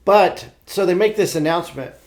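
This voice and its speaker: A man from Indiana hosts a casual podcast, his voice sitting a little high and sounding sick. He tells stories animatedly and keeps restarting his sentences. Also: moderate pace. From Indiana, USA. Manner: animated storyteller with frequent restarts. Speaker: podcast host. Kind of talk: casual chat.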